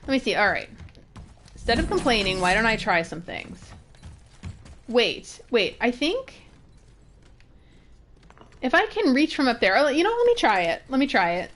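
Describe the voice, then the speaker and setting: A woman's voice: a little high, sing-song, moderate pace, pauses often, fairly bright tone. A young woman chatting casually while playing a video game, laughing and thinking aloud when puzzled. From northern United States. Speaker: streamer. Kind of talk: casual gameplay commentary.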